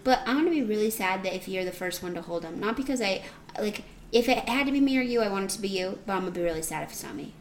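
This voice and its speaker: A woman co-hosting a podcast in casual chat, blunt and joking in quick banter. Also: medium pitch, lively intonation, a little hiss or hum. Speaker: podcast co-host.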